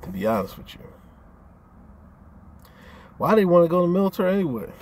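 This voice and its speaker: A man's voice: sits high, big pitch swings, brisk, a little mellow. A man ranting on his own channel in a casual, profane, rambling way, often stammering as he restarts his sentences. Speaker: vlogger. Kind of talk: casual rant to camera.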